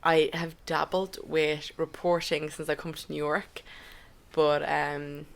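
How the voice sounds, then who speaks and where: A young Irish woman chatting candidly as a podcast guest, with quick asides. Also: sits low, level tone, vocal fry. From Ireland. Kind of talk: casual podcast chat.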